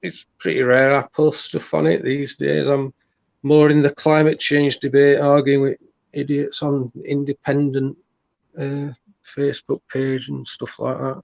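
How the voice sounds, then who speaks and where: A man, a guest in a casual chat, talking bluntly and rambling with halting restarts. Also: medium pitch, little pitch movement, creaky, a little mellow, no room sound, lo-fi sound.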